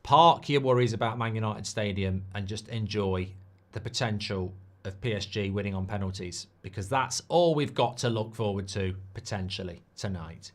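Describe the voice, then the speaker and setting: A man hosting a live football watchalong, chatty and excitable, swearing often. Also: fairly low pitch, normal speed. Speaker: host.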